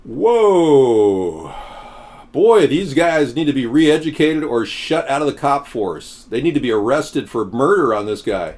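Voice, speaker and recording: Guy hosting a political talk stream, ranting at chat, sarcastic and fired up, mid-pitched voice. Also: sing-song, unhurried, a little mellow. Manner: indignant, sarcastic, talks back to chat. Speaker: political talk show host. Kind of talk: live commentary on video and chat.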